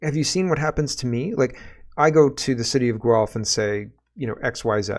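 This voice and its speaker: A man's voice: medium pitch, fairly even intonation, fairly quick. A Canadian man hosting a casual solo political commentary show, reading viewer comments aloud and reacting with sarcasm and exasperation. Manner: sarcastic, exasperated, mocking voices in quotes.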